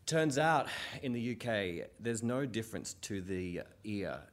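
A man with a New Zealand accent, a comedian chatting casually and telling animated stories. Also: fairly low pitch, a little slow. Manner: animated storyteller, slips into quoted voices. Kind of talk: casual chat.

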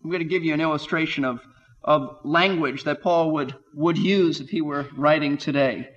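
Emphatic high-voiced male Bible teacher. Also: fairly even intonation, normal speed, fairly bright tone, long reverb tail, muffled recording. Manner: emphatic, rhetorical questions, quotes scripture with rising voice.

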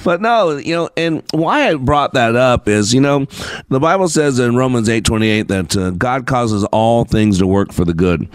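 A man in the middle pitch range hosts a talk show and tells stories in a loose, digressive way, restarting sentences and filling pauses. He sounds close and dry, with no room around him. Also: expressive, clean tone, dry recording. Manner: rambling and anecdotal with frequent fillers and restarts. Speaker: show host and customer service teacher. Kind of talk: casual spoken monologue with scripture.

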